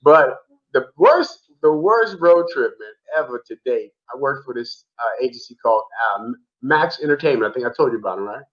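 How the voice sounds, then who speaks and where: A comedian from the Bronx, a man, telling a road story in a casual, animated chat and repeating himself for emphasis. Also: medium pitch, moderate pace. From the Bronx, New York. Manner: animated, repetitive storyteller saying "man" a lot. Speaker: comedian guest. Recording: dull lo-fi remote audio.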